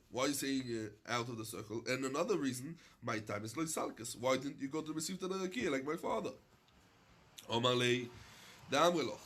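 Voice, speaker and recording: Guy giving a talmud lesson, reads a phrase then explains it in english, regular pitch, lots of uh and so. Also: a bit bright. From London. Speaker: rabbi teaching Talmud. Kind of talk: Talmud class, reading and translating.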